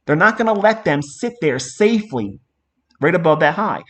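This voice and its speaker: A man's voice: fairly high pitch, very animated, normal speed, a bit bright. A middle-aged man teaching a live trading lesson in an emphatic, profane way, with a lot of repetition. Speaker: trading mentor.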